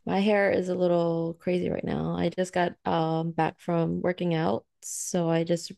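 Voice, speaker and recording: A woman's voice: lowish voice, level tone, measured pace, vocal fry, warm tone. A woman co-hosting a podcast, chatting casually and firing off follow-up questions. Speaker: podcast co-host. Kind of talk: casual chat.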